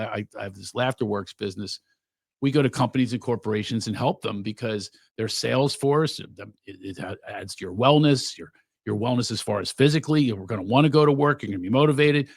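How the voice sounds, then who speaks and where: On a casual podcast chat, a middle-aged guest comedian tells stories with animation, acting out quotes. His voice is mid-range, and the studio-quality recording has no room sound.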